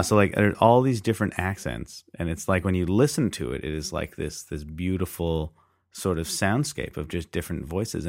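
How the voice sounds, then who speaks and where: Very deep-voiced man, dry close sound. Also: no room sound. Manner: rambling, hesitant with many fillers. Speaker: podcast co-host. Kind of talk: casual film discussion.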